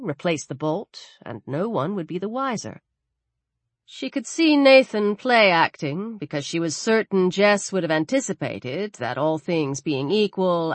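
A woman reading a thriller audiobook aloud with expressive, varied delivery. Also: on the low side, dry recording. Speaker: audiobook narrator. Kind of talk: scripted audiobook narration.

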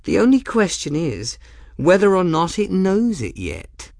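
A man's voice: high-pitched, huge pitch swings, unhurried, gravelly, a little mellow, no room sound, studio quality, pitched above the performer's own voice, heavily acted. A man voicing a playful, flirtatious female sky-pirate captain with a merry, mocking manner in an audiobook. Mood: teasing. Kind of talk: audiobook character voice.

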